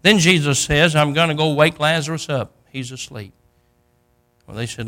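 Folksy older preacher with a bright voice. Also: male voice, fairly high pitch, moderate pace. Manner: folksy storytelling, acting out Bible characters, builds to loud peaks. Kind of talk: sermon.

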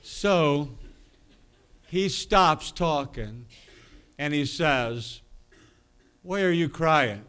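A man's voice: a little high, expressive, extremely slow, pauses often, a bit bright, clear, resonant tone. A middle-aged man preaching, telling a rambling, folksy anecdote with self-amused laughs. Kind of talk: storytelling sermon.

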